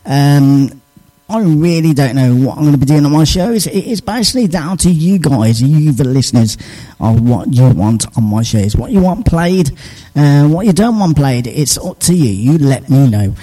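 A man's voice: a little high, lively intonation, normal speed, dark tone, recorded from a distance, low-quality recording. A man presenting a casual radio show from the studio, chatting and joking with many fillers.

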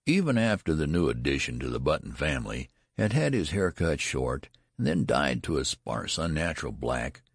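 A man reading a story aloud in an expressive, dramatic way, and voicing a nervous father. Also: very deep voice, moderate pace, gravelly, few pauses, slightly rough, dry recording, clean studio sound. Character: nervous, flustered father, Mister Button. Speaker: narrator.

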